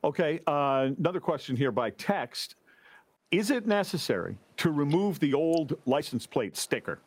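A man's voice: on the high side, very animated, moderate pace, no echo. A man hosting a radio call-in show from Canada, reading listener questions in a conversational way. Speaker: radio talk show host.

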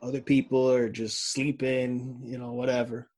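Laid-back man with husky voice. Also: mid-range voice, flat delivery, normal speed, a little mellow. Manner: laid-back, hesitant, teasing. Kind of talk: casual chat.

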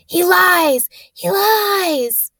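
A woman voicing an evil male dark lord, a face growing from another man's head, with a high, hissing, slow and menacing voice. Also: lively intonation, no echo, heavily acted, low-quality recording. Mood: cold.

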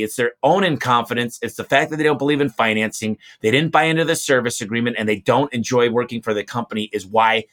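Blunt fired-up business owner guy, regular mid pitch, punchy podcast chat. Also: a bit bright. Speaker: guest, home service business owner. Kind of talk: casual podcast conversation.

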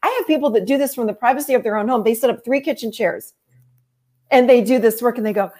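Middle-aged woman, therapist, animated explainer, fairly high voice, conversational. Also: fast. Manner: animated, explanatory, acts out quotes. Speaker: therapist, interview guest. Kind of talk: conversational interview.

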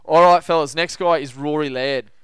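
An Australian man hosting a casual sports betting podcast, talking up his picks with confident, animated banter. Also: on the high side, moderate pace, clean tone. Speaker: podcast host.

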